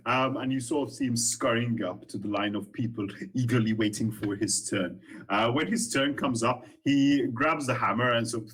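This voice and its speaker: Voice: mid-range voice, moderate pace, a bit bright, slightly rough. A game master narrating a tabletop role-play session, rambling with frequent ums.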